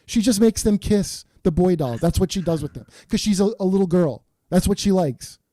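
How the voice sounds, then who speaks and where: A man's voice: high voice, animated, moderate pace, dark tone, dry recording. A man hosting a comedy podcast, ranting in a profane, emphatic way. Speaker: podcast host. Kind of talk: casual comedy podcast banter.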